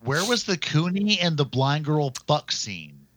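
A man in casual chat as a podcast co-host, rambling and crude, slowing down to quote lines. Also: a little high, very animated, a bit bright, dry recording.

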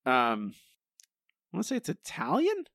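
Animated, gravelly podcast co-host. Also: male voice, a little high, normal speed, no echo, clean studio sound. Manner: animated, self-deprecating, stumbling restarts. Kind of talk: casual chat, trivia quiz.

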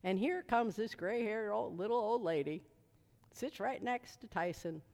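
A woman preaching a sermon, shouting commands at times and telling chatty stories with asides. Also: medium pitch, unhurried, gravelly. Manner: animated, shouting commands at spirits, then chatty storytelling with asides. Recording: reverberant hall.

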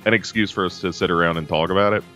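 A man's voice: low voice, fairly even intonation, racing, pushed and bright, faint music behind. A man chatting casually on a podcast, rambling with lots of fillers. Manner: rambling, full of fillers and restarts. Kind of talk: casual chat.

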